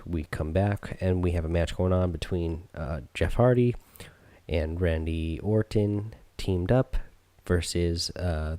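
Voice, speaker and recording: A man's voice: sits low, mellow, no room sound. A man hosting a podcast, recapping a show in a loose, rambling way full of ums and uhs. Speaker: podcast host.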